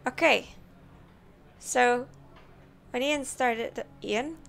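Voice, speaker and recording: A woman's voice: fairly high pitch, sing-song, drawn-out words, gravelly, a little hiss or hum. A woman streamer improvising a playful story over game screenshots, laughing often. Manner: giggly, playful, rambling. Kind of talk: improvised storytelling, casual chat.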